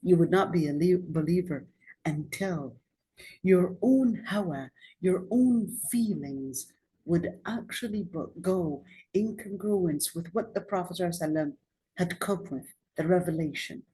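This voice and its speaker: An Islamic studies lecturer with a lowish, mellow voice speaks at a moderate pace in a classroom lecture. She teaches her religious studies lesson conversationally and puts questions to her class.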